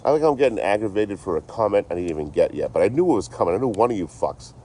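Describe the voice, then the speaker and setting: A man from around Boston, livestreaming on his travels, talks racing-fast in a lowish, mellow voice with lively intonation. Standing outdoors behind a store, he rambles in a laid-back, profane way while vehicles faintly go by.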